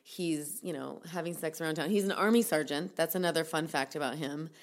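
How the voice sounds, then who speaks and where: Low-voiced woman telling a story. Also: a little fast. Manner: rambling, lots of fillers and restarts. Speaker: podcast co-host telling a story. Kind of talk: casual storytelling chat.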